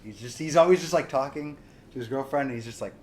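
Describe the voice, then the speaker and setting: A young man co-hosting a podcast, loud and teasing, swearing a lot in crude casual banter. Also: mid-range voice, fast, reverberant. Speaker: podcast co-host.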